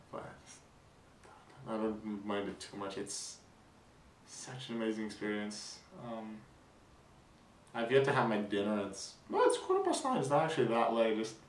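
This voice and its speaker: A young man vlogging a casual weekend recap, rambling with fillers and restarts, excited. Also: on the low side, roomy sound, distant mic, a little hiss or hum, rough recording.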